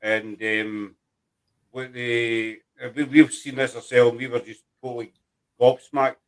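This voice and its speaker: Man, chat-show host, rambling, halting, medium voice. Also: mid-range voice, flat delivery, clear, resonant tone. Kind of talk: casual chat.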